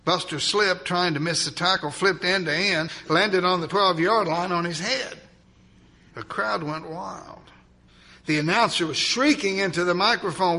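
A man narrating a dramatic story, swinging from loud, urgent passages to hushed ones. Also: sits high, measured pace, creaky.

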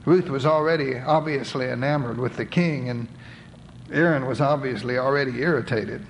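A man's voice: medium pitch, normal speed, vocal fry, slight background noise, poor audio. A man narrating a biblical story aloud and voicing its characters, reading scripture with dramatic emphasis.

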